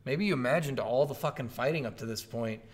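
A man's voice: mid-range voice, fast talker. A man in casual chat about a video game, rambling and swearing often, acting out quotes as he goes. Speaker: co-host discussing a video game.

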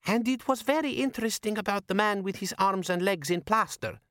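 A man's voice: high voice, a little fast, fairly bright tone, no echo, clean studio sound, voice pushed up. A man voicing a cheeky soldier disguised as a woman, telling stories in a brash, chatty way. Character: Corporal Nobbs disguised as woman Betty, cheeky.

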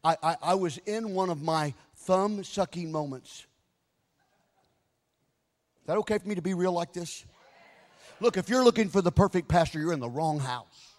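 A middle-aged man preaching a sermon as pastor, stammering into repeats and building to near-shouting fervor. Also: high voice, expressive, normal speed, pauses often. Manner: repeats words when wound up, rises to near-shouting fervor. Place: large church. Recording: live sermon in reverberant hall with music.

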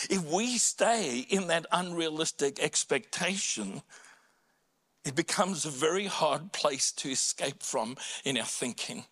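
Male pastor, slow deliberate sermon delivery, fairly high voice with bright tone, earnest, swells to pleading cries. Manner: earnest, rising to impassioned cries when voicing prayers; slow and deliberate, dropping low and quiet on personal points. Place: church.

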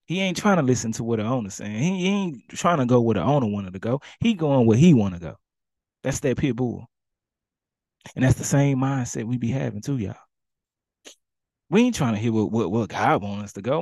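Gravelly preaching man, dark tone. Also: mid-range voice, lively intonation, a little fast, no room sound. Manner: preaches in casual dialect, acting out commands and swinging between loud and hushed. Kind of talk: sermon.

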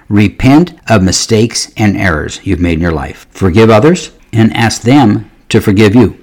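A man who hosts a podcast and was once a pastor, giving an earnest devotional Bible teaching and talking fast when excited. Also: lowish voice. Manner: earnest, with repeated phrases and restarts. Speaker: podcast host and former pastor.

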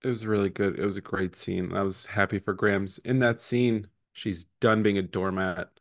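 A man's voice: sits low, fairly even intonation, normal speed. A man co-hosting a podcast in casual chat, self-deprecating and laughing often. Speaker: podcast co-host.

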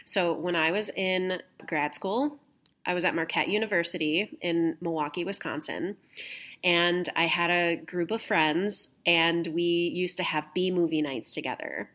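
A woman's voice: lowish voice, measured pace, fairly bright tone. A young adult woman hosting a podcast, telling stories in casual chat, laughing often and swearing casually. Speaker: podcast host.

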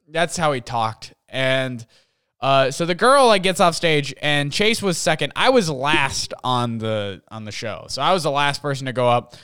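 A man's voice: medium pitch, animated, unhurried, a bit bright, smooth, no echo, clean studio sound. A man who does stand-up, telling a rambling story from his bedroom, saying "like" constantly. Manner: rambling, heavy use of "like". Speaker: stand-up comedian. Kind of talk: casual storytelling.

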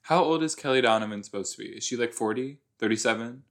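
A man's voice: mid-range voice, quick pace. A man hosting a podcast, reacting casually and with lots of exclamations while watching a TV episode. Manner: exclaiming, chatty, loose and animated.

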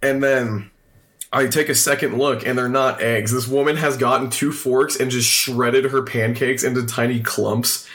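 A man's voice: medium pitch, steady tone, measured pace, fairly bright tone. A young man co-hosting a podcast, telling funny stories in casual chat, swearing a lot and laughing often. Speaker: podcast co-host.

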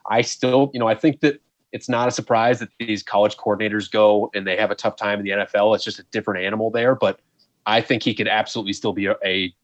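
A man's voice: on the low side, no echo. A man co-hosting a podcast, chatting casually about college football and often breaking into laughter and disbelief. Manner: animated, laughing, exclaims in disbelief. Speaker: podcast co-host. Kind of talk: casual sports chat. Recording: dull, slightly lo-fi dry sound.

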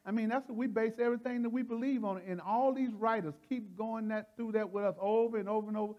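A man with a very high voice preaches to his group. He talks in a folksy, fired-up way, laughing often and circling back over the same phrases. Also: fairly even intonation, fast talker, lo-fi sound. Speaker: preacher leading a Bible study. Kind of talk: animated sermon teaching.

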